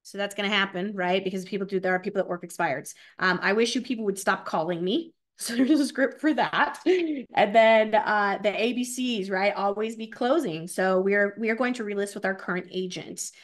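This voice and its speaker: A woman leading a real estate sales training class, upbeat and chatty, often tagging her points with quick questions and reading sales scripts aloud to the room. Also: mid-range voice. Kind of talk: live classroom training talk.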